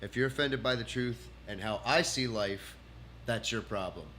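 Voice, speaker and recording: Rambling Texan male comic, mid-pitched voice, faint room hum, casual at-home stream. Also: moderate pace, sharp tone. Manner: rambling, restarts sentences, reads from notes. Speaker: comedian doing a livestream.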